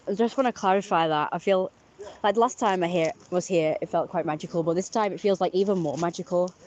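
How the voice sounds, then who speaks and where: A woman's voice: mid-range voice, a little mellow, highs cut off. A young woman chatting casually in a vlog outdoors by a pond, giggly and talking to the ducks. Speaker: vlogger.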